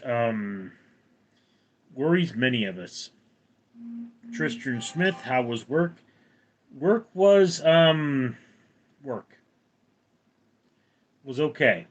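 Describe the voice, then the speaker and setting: A middle-aged man with a General American accent hosting a casual livestream, reading out chat comments and answering them at a measured pace. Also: medium pitch, a bit bright, muffled recording. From United States. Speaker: livestream host.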